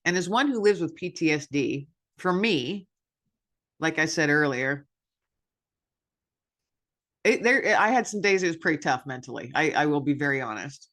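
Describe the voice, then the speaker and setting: A woman's voice: deep voice, lively intonation, normal speed, pauses often, fairly bright tone. A woman podcast host talking candidly in a personal reflection monologue, self-deprecating and upbeat.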